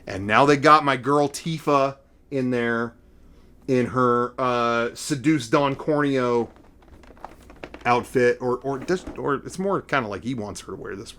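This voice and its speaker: Man, casual vlog host, excitable, rambling, mid-pitched voice, middle-aged. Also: a little slow, slight background noise. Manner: excitable, rambling, mock-emotional. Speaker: vlogger showing figure collection. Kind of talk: casual figure-collecting vlog.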